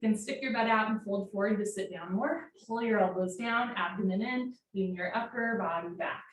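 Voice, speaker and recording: A woman's voice: medium pitch, moderate pace. Woman giving yoga cues in an echoey room. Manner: steady, directive short commands. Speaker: yoga instructor. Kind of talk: live guided yoga class cues. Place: home room. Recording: very echoey room, mic far off, faint noise.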